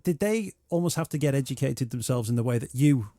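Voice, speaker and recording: A male host asks gentle, thoughtful questions. His voice is mellow and dark, recorded close and dry on a studio microphone. He searches for words calmly as he frames each question. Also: mid-range voice, brisk, no echo. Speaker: radio show host. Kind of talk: interview questions.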